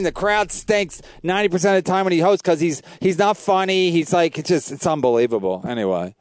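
A man, a comedian and podcast host, telling rambling profane stories in casual chat. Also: high-pitched.

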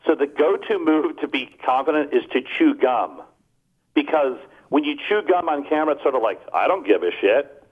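Male comedian co-host, animated storyteller who mocks people, higher voice, tinny phone-like audio. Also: moderate pace, slightly rough. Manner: animated, mocking impressions in storytelling. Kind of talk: casual chat.

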